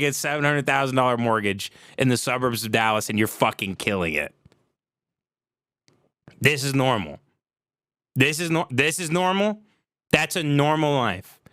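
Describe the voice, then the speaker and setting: A man's voice: mid-range voice, expressive, measured pace, long pauses, a bit bright, no echo. A young adult man, a comedy podcast host, delivering a sarcastic, profane, worked-up comedic rant.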